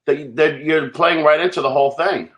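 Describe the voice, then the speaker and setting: A man's voice: a little high, fairly even intonation, normal speed, fairly bright tone. A man in a heated live webcast argument, blunt and profane as he insists on his point. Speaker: livestream participant.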